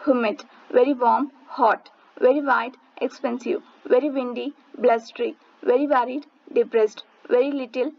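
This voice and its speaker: High-voiced woman reading word lists. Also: moderate pace, few pauses, lo-fi sound. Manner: steady list reading, even rhythm. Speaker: English vocabulary teacher.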